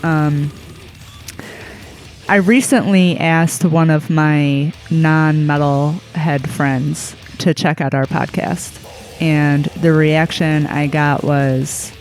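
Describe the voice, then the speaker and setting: A podcast co-host talks slowly and hesitantly, pausing on fillers while working through a thought. The chat is relaxed, with faint music behind it. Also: medium pitch, rough recording. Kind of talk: casual chat.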